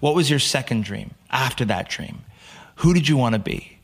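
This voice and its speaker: A young man from the United States guests on a podcast, chatting casually and bringing his stories to life by acting out the people he quotes. He talks at normal speed in a mid-range voice.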